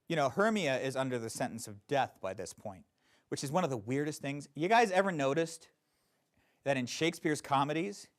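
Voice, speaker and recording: A man teaching a Shakespeare acting class, explaining verse in an animated way with playful asides. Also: fairly high pitch. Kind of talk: classroom instruction.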